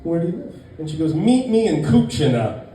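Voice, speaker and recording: A man doing a stand-up comedy set, telling a story and acting out both sides of a date in an animated way. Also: a little high, a little fast, heavy reverb, distant mic, slight background noise, rough recording.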